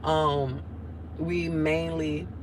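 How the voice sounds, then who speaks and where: A woman's voice: sits low, little pitch movement, very slow, background noise. A nasal-voiced woman with a New Orleans accent chatting casually on a livestream, reading out viewer comments in a drawling way. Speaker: livestream host.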